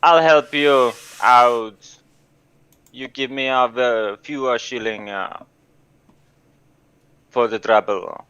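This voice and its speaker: A man's voice: medium pitch, steady tone, takes it slowly, pauses often, a bit bright, smooth, poor audio. A man voicing a laid-back, mooching stoner street guy in a tabletop game, with a drawling, easygoing delivery. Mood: wheedling. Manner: drawling, easygoing, asks for cash.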